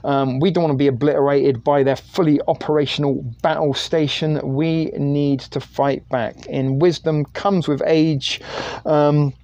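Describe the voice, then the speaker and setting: A man's voice: a little high, steady tone, measured pace, darkish tone, dry recording, muffled recording. Rambling, jokey man hosting a stream. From United Kingdom. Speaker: livestream host. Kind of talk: casual livestream chat.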